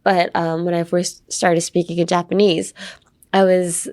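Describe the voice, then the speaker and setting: A woman's voice: flat delivery, a little slow, a little mellow. Playful American woman teaching English. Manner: chatty and playful, acting out lines with big pitch jumps. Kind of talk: casual podcast English lesson.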